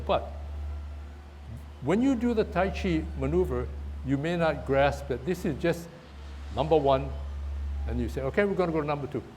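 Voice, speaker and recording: A man teaching a tai chi class in a park, talking haltingly with many restarts while he demonstrates the moves. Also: a little high, a little mellow, slight background noise. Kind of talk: outdoor class instruction. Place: park, outdoors.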